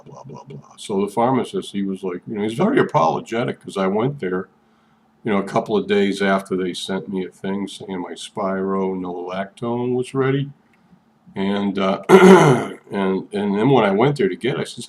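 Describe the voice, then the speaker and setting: Older man, low-pitched, gravelly, chatty rambling vlogger, repeats himself. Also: slight background noise. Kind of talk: rambling personal vlog.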